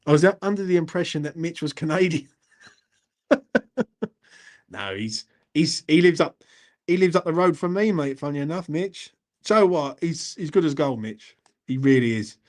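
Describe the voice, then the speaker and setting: A man's voice: a little high, lively intonation, moderate pace, long pauses. A young man hosting a casual live stream, chatting in a laddish way and reading out comments. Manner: chatty, laddish, repeats "do you know what I mean". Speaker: host reading live chat.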